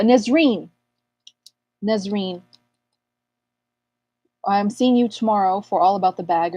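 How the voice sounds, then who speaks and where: A woman hosts a livestreamed astrology Q&A, breezy and playful as she greets viewers one by one. Her voice sits at an ordinary middle pitch, and the sound is dry and close with no room around it. She is still getting over an illness. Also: dark tone, dry recording. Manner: chatty and playful, calling out viewers' names. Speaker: astrologer hosting a live Q&A. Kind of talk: casual livestream chat.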